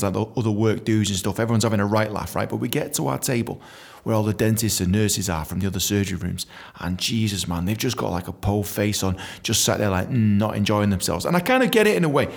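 A man's voice: lowish voice, gravelly. A young adult man from England telling a story casually, swearing often and saying "man" a lot. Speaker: podcast storyteller.

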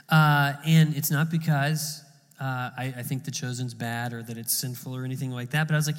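A man's voice: medium pitch, fast talker, in a large hall. A man preaching a sermon in a conversational way, often repeating words as he goes. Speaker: pastor.

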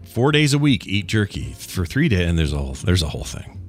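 A middle-aged man with a lowish, very animated voice, chatting casually as a podcast co-host. He jokes, rambles and slips into mock rants. Soft music plays faintly behind him. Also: fairly quick. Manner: joking, rambling, mock-ranting. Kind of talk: casual chat.

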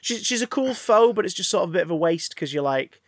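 A man's voice: high voice, animated, fast. A man chatting casually about a film, enthusiastic and swearing freely. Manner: enthusiastic, swearing, laughs often. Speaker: podcast co-host.

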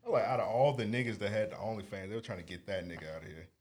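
A man on a podcast reacting in laughing, animated casual chat. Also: on the low side, very fast.

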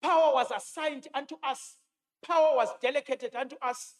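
High-voiced man preaching. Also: fairly even intonation, normal speed. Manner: emphatic, repeats key lines, quotes scripture. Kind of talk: sermon.

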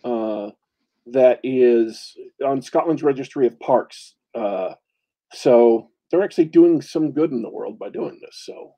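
On a lo-fi recording with a dull sound, a male podcast co-host speaks at medium pitch and a measured pace. His casual chat rambles, and he often laughs and restarts what he's saying.

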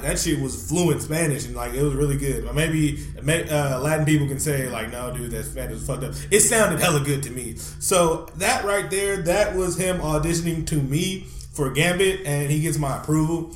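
Male podcast co-host, lively storyteller, slightly high voice, roomy sound. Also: normal speed, slight background noise. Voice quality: animated storyteller, swears freely. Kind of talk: casual chat. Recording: roomy echo.

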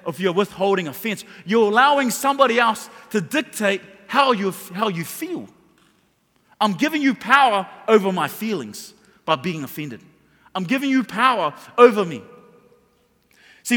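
A man's voice: high voice, fairly bright tone. A man preaching a sermon, impassioned and emphatic, repeating his key phrases. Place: church hall. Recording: long reverb of a large hall.

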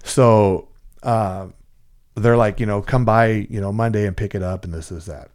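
A middle-aged man from Central California recounts a story in casual conversation. His voice sits a bit low, and he rambles with plenty of "you know" and profanity. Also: moderate pace, a little mellow. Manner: rambling, profane, lots of fillers and restarts. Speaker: guest telling a story.

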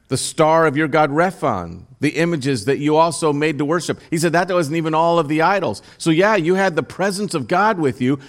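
A man preaching a sermon as a pastor, reading scripture aloud and then explaining it, sometimes rising in intensity and asking the listeners direct questions. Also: on the high side.

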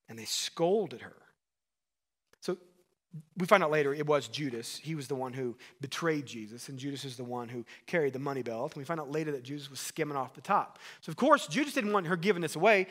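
A man's voice: mid-range voice, fairly quick. A man in his thirties, a pastor preaching a sermon in an earnest, conversational way, asking the congregation questions and adding asides.

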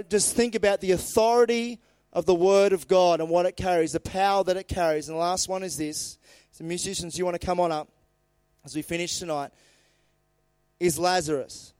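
High-voiced preacher, smooth tone. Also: male voice, dry recording. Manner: lively storytelling, retells scripture in casual everyday phrasing. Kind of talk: sermon.

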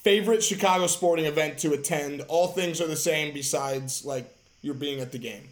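A man's voice: a little high, moderate pace. A man hosting a podcast, loose and casual, swearing freely. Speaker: podcast host. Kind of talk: casual interview chat.

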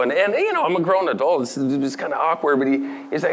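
A man's voice: on the high side, big pitch swings, fast talker, few pauses, a little hiss or hum. A middle-aged man preaching a sermon, talking casually and asking the audience questions. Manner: conversational, asks the audience questions, laughs lightly. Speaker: pastor.

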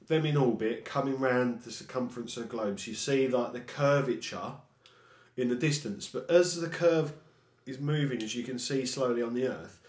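A man's voice: medium pitch, normal speed, darkish tone. A man co-hosting a casual podcast chat, laid-back and casually swearing. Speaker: podcast co-host. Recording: roomy echo.

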